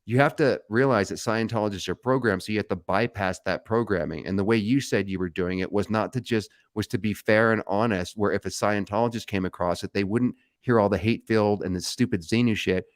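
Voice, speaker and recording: A man's voice: on the low side, a little fast, few pauses, dry recording, studio quality. A man co-hosting a casual live stream, talking bluntly and joking with the others. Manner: blunt, swears, jokes with co-hosts. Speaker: co-host.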